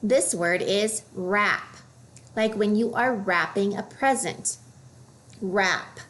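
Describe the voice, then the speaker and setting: Woman, phonics teacher, slow deliberate pace, clear word modeling, medium pitch. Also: fairly bright tone. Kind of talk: phonics lesson for children.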